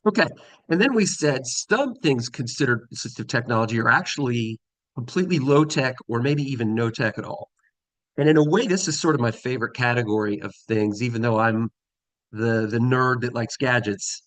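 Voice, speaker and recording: A man's voice: mid-range voice, a bit bright, no room sound. Man, middle-aged, conference presenter, casual with frequent ums, dry close mic. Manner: casual, many ums and restarts. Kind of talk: presenting a slideshow talk.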